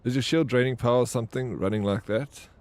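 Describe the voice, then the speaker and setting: A fast-talking male livestreamer with a medium-pitched, slightly mellow voice chats casually while playing a video game. He responds to messages he reads from chat, and his stories ramble along with plenty of fillers and restarts.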